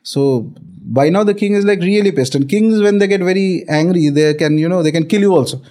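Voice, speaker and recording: Mellow-voiced Indian man telling a legend. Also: high-pitched, brisk. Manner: explanatory, mixes in Hindi words, many fillers. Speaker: guest, spiritual author. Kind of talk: storytelling podcast conversation.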